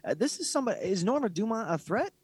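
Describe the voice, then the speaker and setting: A man's voice: sits high, big pitch swings, fast talker, a little mellow. A man with a slightly raised voice chats about fights on a casual podcast. He talks hesitantly, restarting and searching for his words. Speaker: podcast co-host. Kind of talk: casual fight-talk chat.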